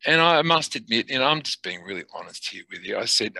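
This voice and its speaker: Bright, dry-voiced man giving earnest testimony. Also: lowish voice, animated, creaky, dry recording, poor audio. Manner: earnest, halting, drops to near whispers. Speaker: testimony speaker. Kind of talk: personal spiritual testimony.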